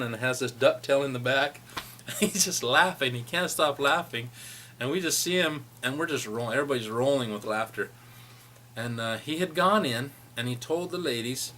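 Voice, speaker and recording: A man's voice: medium pitch, bright, forceful tone, a little hiss or hum. A middle-aged man telling rambling personal stories about a friend, laughing as he reminisces. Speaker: friend sharing memories. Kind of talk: personal storytelling.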